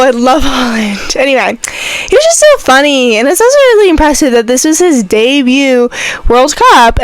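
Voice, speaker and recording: A young woman hosting a solo podcast in a casual chat, rambling and animated, repeating herself with lots of "like". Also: high voice. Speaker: podcast host.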